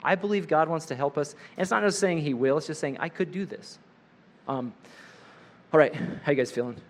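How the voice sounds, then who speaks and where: A man leading a group through a guided breathing prayer, talking gently and slowing down to softly repeat a short prayer phrase. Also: on the high side. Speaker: leader of a guided prayer session. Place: live in front of a group.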